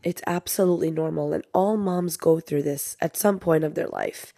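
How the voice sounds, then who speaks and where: A woman's voice: deep voice, moderate pace, vocal fry, dark tone, no room sound, studio quality. A young woman hosting a podcast, talking casually and confidingly to listeners while she is sick. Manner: chatty, confiding, says "you guys" often. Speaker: podcast host.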